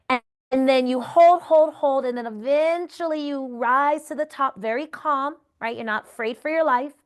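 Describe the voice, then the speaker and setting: A woman yoga therapy instructor guiding breathing exercises in a calm, encouraging way, often checking in with the listener. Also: a little high, clean tone.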